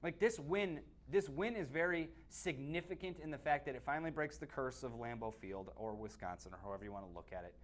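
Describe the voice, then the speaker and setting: A man's voice: mid-range voice, fairly quick, hardly any pauses, a little hiss or hum. A man co-hosting a sports webcast, giving blunt opinions on football in casual talk that is full of restarts. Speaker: sports analyst co-host.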